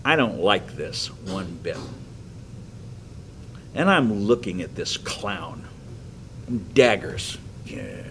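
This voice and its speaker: An older man, a pastor, teaching a Bible study with animated, chuckling storytelling in a church. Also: low-pitched, extremely slow, gravelly, pauses often, a little hiss or hum, poor audio.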